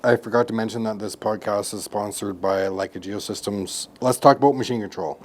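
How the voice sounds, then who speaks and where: Low-voiced podcast host cracking jokes. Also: male voice, steady tone, a little fast. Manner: short joking interjections. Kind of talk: casual interview.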